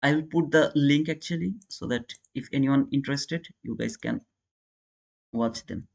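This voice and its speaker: A man's voice: mid-range voice, moderate pace, gravelly, a little mellow. A man with an Indian accent chatting casually with viewers while he hosts a live trading stream, calling them brother and answering chat. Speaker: day trader and live-stream host.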